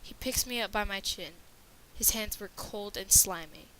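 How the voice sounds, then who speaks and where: A woman's voice: medium pitch, moderate pace, bright, forceful tone, a little hiss or hum, poor audio. A woman narrating a scripted horror story with a dramatic reading manner.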